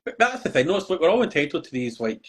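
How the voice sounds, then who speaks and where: Husky bloke on a podcast, gets animated telling stories, swears a fair bit. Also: male voice, fairly high pitch, quick pace. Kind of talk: casual chat.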